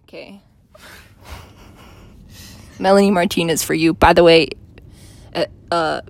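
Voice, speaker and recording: A woman's voice: on the low side, steady tone, a little slow, gravelly, no echo. A woman in casual, giggly chat, setting up celebrity impressions in a crude, playful way. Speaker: friend doing celebrity impressions.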